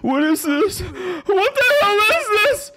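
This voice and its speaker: A man voicing a panicked young male friend in a shrill, yelling voice. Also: sing-song, slow pace, crowd noise, full character voice.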